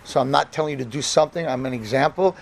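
A room of yeshiva students listens as a rabbi tells a humorous sermon-story, animatedly acting out what each character says. His medium-pitched voice is fast and gravelly against background noise.

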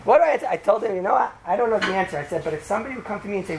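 Man, religious speaker, animated rambling story, frequent asides, noisy recording. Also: high-pitched, very fast, few pauses. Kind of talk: informal storytelling talk. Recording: noisy background hiss.

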